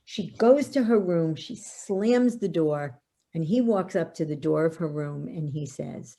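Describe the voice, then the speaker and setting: An older woman, a podcast guest, telling family stories with lively acted-out quotes. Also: mid-range voice, measured pace, creaky. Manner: animated storyteller, acts out quotes. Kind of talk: storytelling in a podcast interview.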